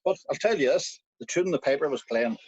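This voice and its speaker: A man with an Irish accent telling a folk tale in a lively, conversational way, speaking straight to his listeners. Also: fairly high pitch, fairly quick, husky, no echo, dull audio. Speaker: storyteller.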